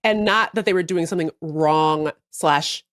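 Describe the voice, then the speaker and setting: A woman co-hosting a podcast, telling a story in casual chat, animated and profane. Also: sits low, normal speed, dry recording, clean studio sound. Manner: animated, profane, acts out other people's lines. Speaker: podcast co-host.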